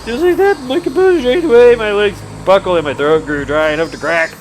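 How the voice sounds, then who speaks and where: A man hosting a let's play, reading a visual novel aloud with animated laughing asides and swearing, with traffic noise behind. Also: high voice, fairly quick.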